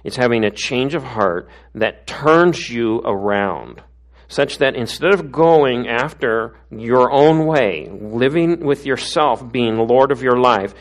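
A man's voice: mid-range voice, lively intonation, takes it slowly. A middle-aged man giving a conversational sermon as a pastor, often tossing in tag questions.

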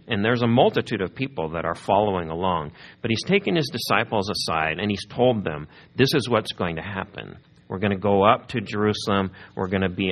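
A pastor delivers a sermon in an easygoing, conversational way. His voice sits a bit low for a man. He often turns to his listeners with questions. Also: fairly bright tone. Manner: conversational, asks the congregation questions.

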